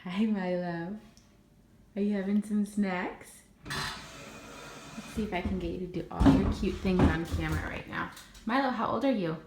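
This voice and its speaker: A young mother coaxing her toddler to talk on camera, sing-song and encouraging, her voice swooping up high. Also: unhurried, pauses often, very noisy. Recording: echoey room with faint ambience.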